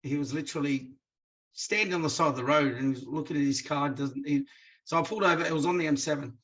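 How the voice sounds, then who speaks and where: An Australian man, a guest on an interview, tells stories in a casual, chatty way, giving the people he quotes lively voices of their own. His voice sits on the high side and moves fast, and the recording has its highs cut off.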